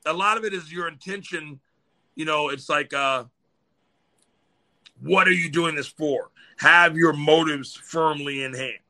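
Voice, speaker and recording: A man's voice: a little high, unhurried, bright, forceful tone. A man talking casually on a podcast, swearing freely and acting out little voices in his stories. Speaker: podcast host.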